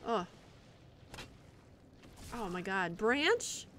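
A woman's voice: medium pitch, very animated, drawn-out words, fairly bright tone, a little hiss or hum. A woman streaming live gameplay commentary, muttering and swearing in frustration at the game as she plays.

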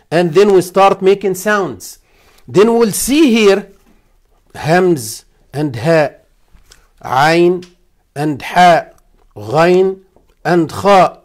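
Imam teaching tajweed, fairly high voice, asks the class questions, says sounds slow and over again. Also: male voice. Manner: repeats phrases and quizzes students, demonstrates sounds slowly. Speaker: imam teaching Quran recitation. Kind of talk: classroom lesson on recitation rules.

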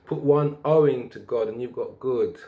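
A man vlogging, telling a rambling spiritual story in a preachy, lively way with bursts of laughter. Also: medium pitch, moderate pace, phone-quality sound.

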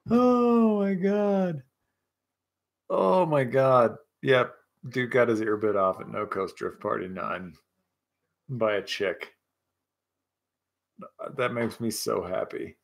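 A tipsy man chats with his viewers in a loud, joking, profane way. His voice is gravelly and swings widely up and down as he gets worked up. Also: on the low side, slow pace, long pauses. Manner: rowdy, profane, excitable, joking. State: tipsy from scotch. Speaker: livestream host. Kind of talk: casual chat with chat viewers.

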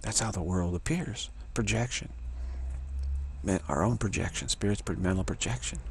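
A man's voice: sits low, moderate pace, gravelly, a little hiss or hum. A man giving an informal spiritual talk, rambling and laughing as he acts out imagined voices. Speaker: spiritual teacher.

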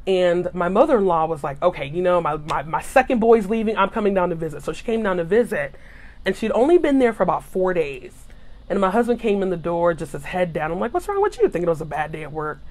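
A woman in her thirties, a guest in a casual chat, telling her stories in an animated, expressive way. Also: lowish voice, fast talker.

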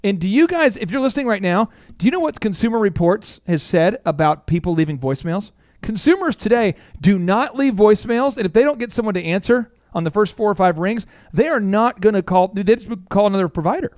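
A man hosting a business talk show, telling stories in a fast, animated way. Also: high-pitched, no room sound, studio quality. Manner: fast, animated storytelling with shouted bits. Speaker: business coach and host.

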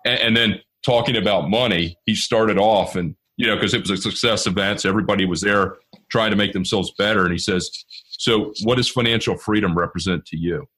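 A man's voice: lowish voice, fairly quick, pushed and bright, husky. A man from Baltimore in his thirties, hosting a podcast and chatting in a rambling, conversational way. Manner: rambling, with restarts and quoted dialogue. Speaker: podcast host. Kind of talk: conversational interview.

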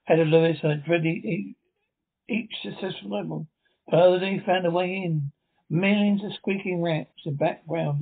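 Gravelly man reading a radio drama. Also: sits high, unhurried. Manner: reads stage directions aloud, stumbling over words. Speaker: script reader. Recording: tinny phone-like sound.

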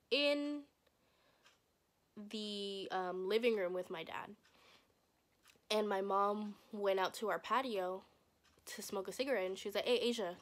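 A young woman vlogger telling a personal story in a casual, blunt, profane way, acting out what people said. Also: mid-range voice. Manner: profane, blunt, acts out quoted voices.

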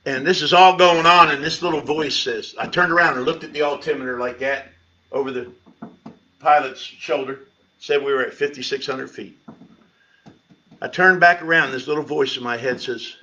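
A middle-aged man, a pastor, telling his conversion story at a church Bible study, with lively storytelling that climbs high when he quotes himself. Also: normal speed, a little hiss or hum. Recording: lo-fi livestream sound.

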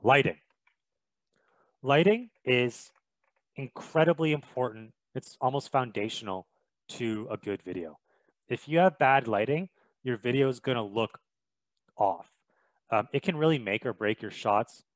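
A young man from Canada explains filming and lighting in a casual, emphatic way, stumbling over words and filling pauses. His voice sits at an ordinary pitch and is recorded close with almost no room sound. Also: lively intonation, no room sound, rough recording. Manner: chatty, filler-heavy, emphatic. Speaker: video production instructor. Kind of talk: casual instructional talk. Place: home room by a window.

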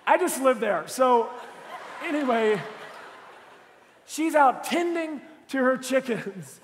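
Lively comic pastor, bright high voice, booming church-hall echo. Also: male voice, slow pace, slight background noise. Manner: animated, comic storytelling, bursts of shouting. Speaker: lead pastor. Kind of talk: sermon with humorous personal story. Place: church auditorium. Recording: long reverb of a large church hall.

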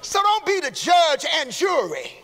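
High, bright-voiced preacher in a reverberant church. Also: male voice, wildly swooping pitch, a little slow. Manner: call-and-response preaching, rising to shouts. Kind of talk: sermon. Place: church sanctuary. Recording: long hall reverb in a church.

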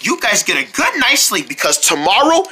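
A woman's voice: mid-range voice, wildly swooping pitch, normal speed, sharp tone, breathy edge, exaggerated voice. A woman doing a soothing cartoon mom. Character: mother, calm and kindly.

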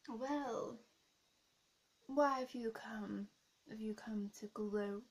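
A woman's voice: a little high, heavily acted, low-quality recording. A woman voicing a seductive, scheming female plant villain in a whispered role-play, teasing and blowing kisses. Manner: teasing, flirty, blowing kisses, slow hypnotic coaxing. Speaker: YouTube role-play creator.

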